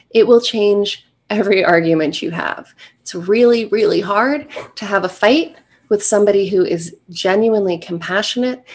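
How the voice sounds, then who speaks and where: Earnest woman coaching the viewer. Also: medium pitch. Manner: warm, earnest and encouraging, speaking straight to the viewer. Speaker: relationship coach. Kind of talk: direct-to-camera advice talk.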